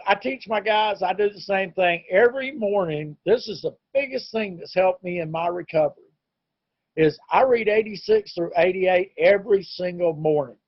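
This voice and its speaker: Earnest man with a husky voice. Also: sits high, no room sound, muffled recording. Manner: earnest, plain-spoken, candid. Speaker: recovery meeting speaker. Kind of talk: personal testimony talk. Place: home, online meeting.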